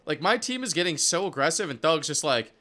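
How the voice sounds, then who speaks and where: A young man giving casual commentary on his own competitive match, excitable and profane, full of "like" and "dude". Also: fairly high pitch, brisk. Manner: excitable, profane, filler-heavy talk. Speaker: esports player reviewing his match.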